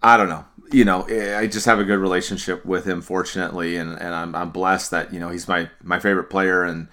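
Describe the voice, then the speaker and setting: A man hosting a casual sports podcast, speaking in a relaxed way with frequent restarts and repeated words. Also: sits low, fast talker. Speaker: podcast host.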